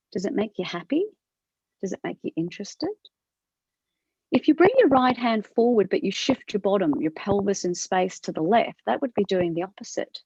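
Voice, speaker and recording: A woman with an Australian accent teaching a movement class over a video call, asking gentle questions with a rising lilt. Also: mid-range voice, breathy edge, dry recording. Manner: gentle questioning, upward inflection. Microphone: video call from her computer. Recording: dull lo-fi video call audio.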